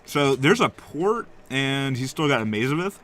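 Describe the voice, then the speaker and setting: A man calls a card game match in a loose, joking way, chewing between lines. His voice is bright and forward, and a faint hum of ambience from a game store sits behind him. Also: mid-range voice, big pitch swings, moderate pace. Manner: laid-back, joking, talks while eating. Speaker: game commentator. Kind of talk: casual live commentary.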